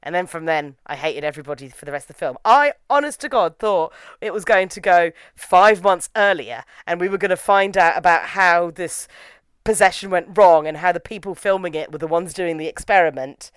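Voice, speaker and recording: A young woman reviewing a horror film in casual chat, animated and opinionated with quick asides. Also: on the low side, clear, resonant tone, no echo. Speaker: film reviewer, podcast co-host.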